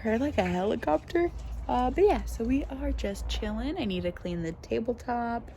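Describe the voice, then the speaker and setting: A mom vlogger chatting casually in her backyard, relaxed with the camera and turning to sing-song baby talk with her toddler. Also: a little high, moderate pace, vocal fry. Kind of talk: casual home vlog chat. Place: backyard outdoors. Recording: outdoor ambient noise.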